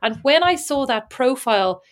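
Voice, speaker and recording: A woman's voice: sits high, animated, moderate pace. An Irish woman co-hosting a podcast in casual chat, teasing and rambling as she talks. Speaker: podcast co-host.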